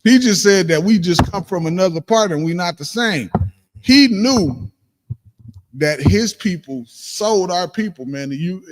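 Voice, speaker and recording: A man with a Detroit accent telling stories and preaching in a casual, animated way during a livestreamed class, acting out what people said. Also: high-pitched, unhurried, in a large hall. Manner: animated, acts out quoted exchanges, laughs often. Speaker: speaker in a livestreamed religious class.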